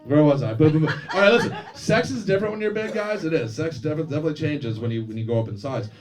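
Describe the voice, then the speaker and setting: Guy doing crude self-deprecating standup, voice bouncing all over, loud crowd laughing in the club. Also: a little high, lively intonation, quick pace, recorded from a distance. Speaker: stand-up comedian. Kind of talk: stand-up routine. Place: comedy club stage. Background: audience laughter.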